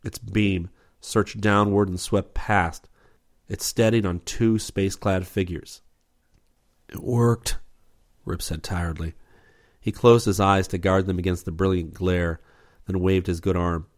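A man narrating an adventure audiobook in a steady, measured reading. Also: sits low.

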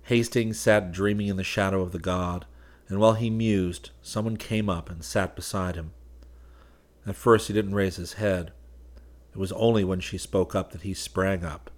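A man narrating a classic story as an audiobook, with a measured, expressive reading. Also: low voice.

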